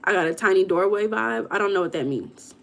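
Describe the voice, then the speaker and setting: A woman chats on her livestream. She greets viewers by name and answers their comments. Her storytelling is loose and dramatic, and her voice sits at a middle pitch. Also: animated, fairly quick, vocal fry. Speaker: livestream host. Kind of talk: casual livestream chat.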